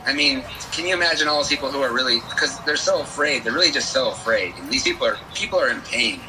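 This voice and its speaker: A man's voice: medium pitch, fast. Laid-back man, distant and noisy. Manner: relaxed, talks through with many fillers. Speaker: guest. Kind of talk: casual chat.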